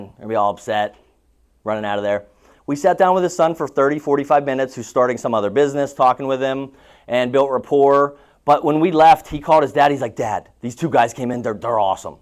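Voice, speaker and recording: A man's voice: mid-range voice, fairly quick. A man coaching real estate agents at a live seminar, telling stories in a chatty way and asking the audience questions. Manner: chatty storytelling, asks the room questions.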